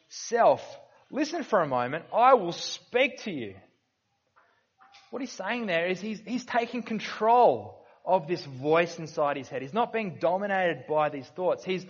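A pastor preaching in an earnest, conversational way, often stopping to restart a thought. His voice sits a little high for a man. The recording is dull and lo-fi. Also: slightly rough. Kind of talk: sermon.

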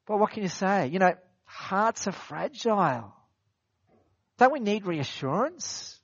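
A man with a fairly high voice preaches a sermon in a relaxed, conversational way. He repeats phrases for emphasis and asks his listeners rhetorical questions. The recording is dry and a bit dull. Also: no echo. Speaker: pastor. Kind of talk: expository sermon.

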